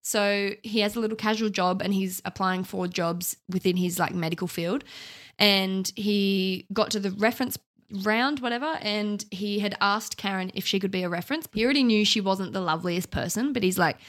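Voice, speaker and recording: A woman's voice: medium pitch, normal speed, a bit bright. A young woman, a podcast co-host, telling a story in casual chat; she is chatty, swears casually and laughs as she talks.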